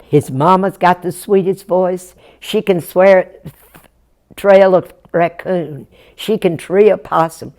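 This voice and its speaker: A woman's voice: on the low side, takes it slowly, a little mellow. A woman voicing a kindly, generous old farmer in a told folktale, hearty and drawling.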